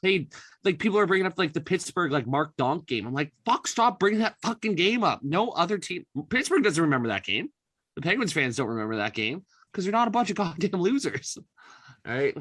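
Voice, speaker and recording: A man's voice: a little high, big pitch swings, fairly quick, fairly bright tone, no room sound, studio quality. A man co-hosting a sports podcast, ranting bluntly and swearing a lot. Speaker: podcast co-host. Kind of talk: casual sports chat.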